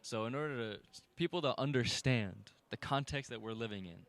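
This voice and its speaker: A man's voice: mid-range voice, brisk, fairly bright tone, no echo. A young man as a guest on a campus podcast, speaking earnestly about his opinion outdoors. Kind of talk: casual opinion discussion.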